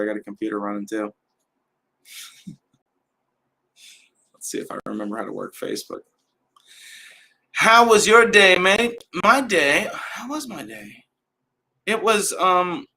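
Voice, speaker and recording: A man's voice: mid-range voice, a bit bright, low-quality recording. A young man, hosting a casual live stream and rambling loosely with fillers and trailing laughs. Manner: many fillers and restarts.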